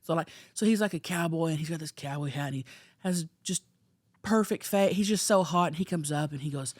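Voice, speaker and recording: A woman co-hosting a casual comedy podcast, telling bawdy stories with animated, stammering restarts. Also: sits low, brisk, dry recording, studio quality. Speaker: podcast co-host.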